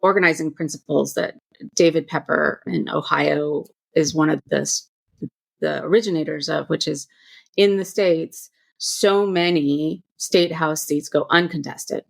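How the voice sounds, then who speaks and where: Low gravelly-voiced woman host. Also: steady tone, unhurried. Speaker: podcast host. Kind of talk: interview conversation.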